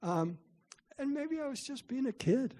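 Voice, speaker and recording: Middle-aged guy running a parent workshop, soft husky voice, kinda mellow, jokey storytelling. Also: extremely high pitch, big pitch swings, unhurried. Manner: chatty, self-deprecating storyteller.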